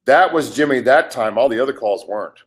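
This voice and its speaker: A man's voice: medium pitch, expressive, fairly quick. An older man in a heated live webcast argument, ranting in an agitated, profane way. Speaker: livestream participant.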